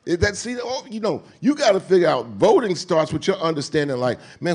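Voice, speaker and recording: A man with a New York accent speaks on stage at an event. He talks in an animated, sermon-like way, loaded with street slang and casual profanity. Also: sits high, brisk, hardly any pauses. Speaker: keynote speaker. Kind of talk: onstage conversation. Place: event stage before an audience.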